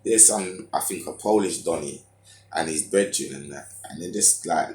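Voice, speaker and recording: A man's voice: low-pitched, moderate pace, darkish tone. A man telling a rambling personal story in slangy, loose talk full of fillers. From United Kingdom. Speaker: vlogger. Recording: echoey room.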